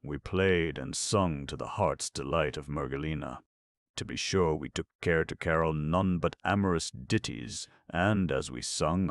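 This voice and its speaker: A very deep, gravelly-voiced narrator reads a scripted audiobook of a classic novel. His storytelling is measured and expressive, and there's no echo.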